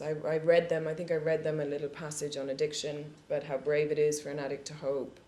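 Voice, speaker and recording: A woman's voice: sits low, flat delivery, brisk, few pauses, darkish tone. A woman guest on a live panel telling candid, profane stories and often laughing. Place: studio panel discussion before an audience. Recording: roomy echo with faint background hiss.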